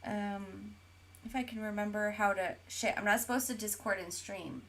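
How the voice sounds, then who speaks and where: The gaming podcast co-host from Oklahoma, USA speaks at medium pitch in a steady, slightly bright tone and a moderate pace. She chats casually while streaming, reading viewer comments aloud with plenty of fillers.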